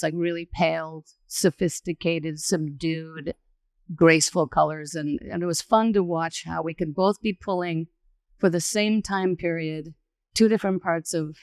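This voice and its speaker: A woman on a panel telling an anecdote in a relaxed, measured way. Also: deep voice, no room sound.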